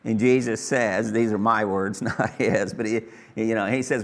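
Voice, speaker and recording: A man's voice: fairly low pitch, fairly even intonation, normal speed, few pauses. A middle-aged man preaching a sermon to his congregation in a folksy, conversational way, repeating his phrases. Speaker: pastor. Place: church hall with congregation.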